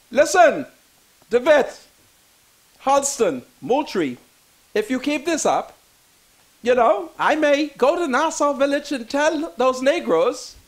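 Passionate political commentary comes from a Bahamian-accented man whose style resembles preaching. He repeats lines to stress them and escalates to shouts, all in a very high-pitched voice.

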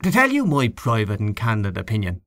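A man's voice: lowish voice, huge pitch swings, fairly quick, a bit bright, dry recording, heavily acted. A man voicing a grumbling, gossipy middle-aged canvasser in a storybook reading, scornful and snuffling, with a conspiratorial manner.

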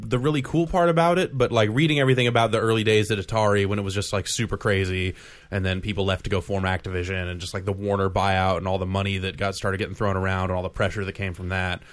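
A man co-hosting a podcast in casual chat, rambling and excitable, often laughing. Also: deep voice, quick pace. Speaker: podcast co-host.

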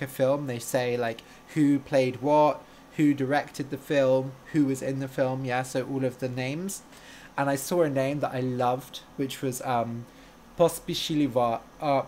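Slow-talking man reading viewer comments. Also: mid-range voice, slight background noise. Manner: slow, deliberate, friendly speech with fillers. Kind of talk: live stream chat.

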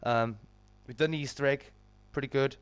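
A man hosting a live game stream, greeting viewers by name in a loud, excitable way with sudden jumps in pitch. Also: moderate pace, smooth, no room sound. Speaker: gaming streamer.

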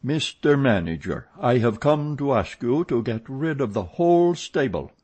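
A man reading a story, voicing a gruff, blunt male head groom with a dry, measured delivery. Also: mid-range voice, expressive, a little mellow, voice pushed up, natural voice.

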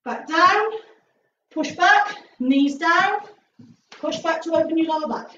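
A woman's voice: very high-pitched, lively intonation, a little slow, pushed and bright. A woman martial arts instructor leading a live online stretching class, chatty and upbeat with jokey asides. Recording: distant, roomy, dull with faint noise.

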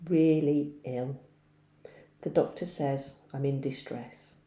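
A woman's voice: a bass voice, steady tone, slow pace, dark tone, roomy sound. A woman voicing an upset, defensive boy in a storybook reading.

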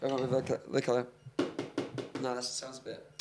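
Young dude riffing on a silly song, strums and sings bits, faint background hiss. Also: male voice, medium pitch, completely flat delivery, a little fast. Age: young adult. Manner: playful, sings lines to a ukulele. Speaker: co-host. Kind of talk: comedic banter while songwriting.

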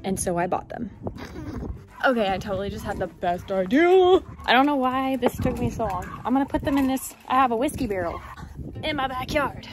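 Faint music plays as a bubbly young American woman in her twenties rambles through a casual gardening vlog at home, inside and in the yard. She sounds animated, her fairly high voice keeping a moderate pace.

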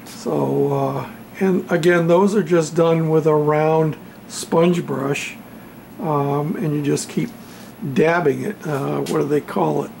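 A man in his home hobby workshop, casually showing his model railroad backdrop in an unhurried, halting way with lots of fillers. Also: a little high, fairly even intonation, creaky, a little mellow, a little hiss or hum. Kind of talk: casual show-and-tell.

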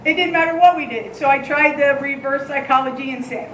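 High-voiced woman telling a camp story. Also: fairly quick, roomy sound, slight background noise, low-quality recording. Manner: candid, animated storyteller. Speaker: day camp and child care leader. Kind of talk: heartfelt thank-you speech telling a story.

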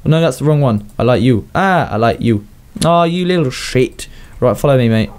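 A man's voice: medium pitch, fast, a little mellow. A young man, chatting casually as he plays, talking to his pets and laughing often, sounding a bit unwell. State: slightly unwell, coughing. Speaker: gaming YouTuber. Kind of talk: casual game commentary.

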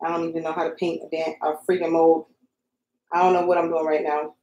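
A woman's voice: low-pitched, flat delivery, a little fast, mellow. Flustered woman crafting live on stream. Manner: flustered, talks to viewers while crafting; joking, self-mocking. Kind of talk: casual live-stream chat. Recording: roomy echo.

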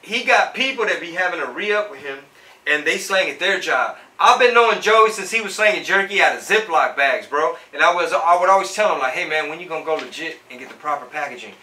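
A man's voice: fairly high pitch, expressive, fairly quick, sharp tone, distant mic. A man hosting a live stream as a comedian, chatting casually in slang and dropping into Spanish. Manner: slangy, switches into Spanish for bits. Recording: echoey room, voice a bit off-mic, faint noise.

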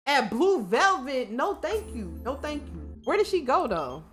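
A woman's voice: high voice, sing-song, measured pace, soft background music. A woman streamer giving casual, profane let's-play commentary, often laughing and talking for her character in the first person. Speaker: gaming streamer.

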